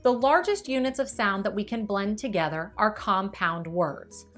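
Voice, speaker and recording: A woman explains early reading skills to parents in a clear, upbeat teacherly voice. She slows right down to stretch and sound out words as she demonstrates. Quiet music plays faintly underneath. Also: medium pitch. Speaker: teacher giving tips to parents. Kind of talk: instructional video.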